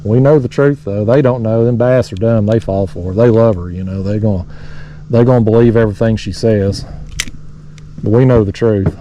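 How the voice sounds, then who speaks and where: A man's voice: on the low side, fairly even intonation, normal speed, warm tone, lo-fi sound, a little hiss or hum. A man casually narrating his fishing from a kayak on a lake, rambling folksily and talking to his viewers. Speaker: fishing vlogger. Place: kayak on a lake below a dam, outdoors.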